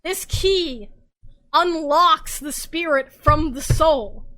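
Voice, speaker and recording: High, bright-voiced tipsy woman. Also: slow. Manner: excitable, swearing, rambling. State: drunk. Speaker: podcast host. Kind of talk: casual recap chat.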